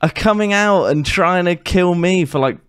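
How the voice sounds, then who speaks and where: A man's voice: sits high, normal speed, a bit bright, smooth. A man giving casual gameplay commentary, swearing and ranting in exasperation. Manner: frustrated, swearing, exasperated rants. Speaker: gaming YouTuber.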